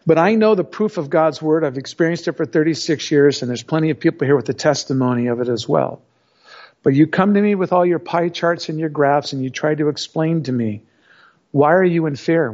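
A man's voice: fairly high pitch, fairly quick, a little mellow. A middle-aged man preaching a sermon, speaking emphatically and telling stories straight to the congregation. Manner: emphatic, storytelling, addresses the congregation directly. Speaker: pastor. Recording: dull lo-fi recording.

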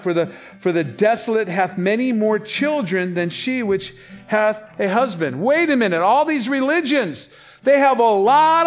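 Male preacher, high voice, chatty sermon delivery with scripture readings and rhetorical questions. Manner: conversational preaching, reads scripture aloud, asks rhetorical questions. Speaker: pastor.

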